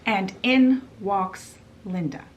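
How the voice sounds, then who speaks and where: A woman's voice: mid-range voice, takes it slowly, highs cut off. A woman who runs a book vlog, giving a chatty, casual book summary and putting on voices for the quotes. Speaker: book vlogger.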